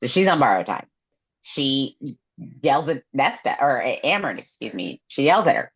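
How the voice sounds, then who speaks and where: A woman's voice: rumbling low, normal speed, breathy edge. A woman, recapping a novel in a casual podcast chat and acting out the characters' lines with animation. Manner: animated storyteller acting out quotes. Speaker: podcast co-host. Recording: dull lo-fi sound.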